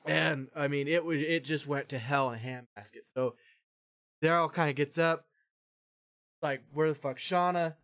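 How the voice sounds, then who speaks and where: A man hosting a podcast who tells a long story in a rambling, animated way, swearing freely and acting out the voices of the people in it. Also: on the high side, moderate pace, long pauses. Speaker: podcast host. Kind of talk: casual storytelling chat.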